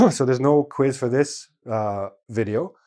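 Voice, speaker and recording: A man teaching an online English lesson, explaining patiently and demonstrating everyday sounds, sometimes slowly, sometimes quickly. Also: mid-range voice, expressive, mellow.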